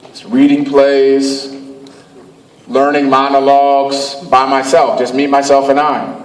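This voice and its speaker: A man's voice: mid-range voice, flat delivery, slow. Emphatic man speaking from across a hall. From Cleveland, Ohio, USA. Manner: emphatic, storytelling, repeats phrases. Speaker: motivational speaker. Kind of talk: motivational speech to an audience. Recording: echoey, far from the mic.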